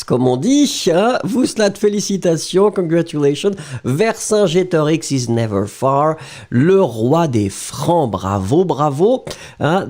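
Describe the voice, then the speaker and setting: Slow, lively French man teaching. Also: on the high side, creaky. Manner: encouraging, slow and spelled-out, mixing French phrases into English. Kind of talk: live online language lesson.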